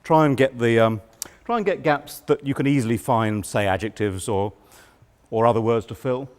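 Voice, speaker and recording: A man giving a lecture on writing verse, measured and explanatory with a dry humor. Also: mid-range voice, darkish tone.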